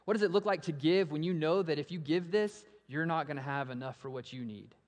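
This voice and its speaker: A man preaching a sermon, asking rhetorical questions that swell and then drop to a hush, and animated when he acts out story voices. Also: on the high side, fairly quick. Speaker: pastor. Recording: long reverb of a large hall.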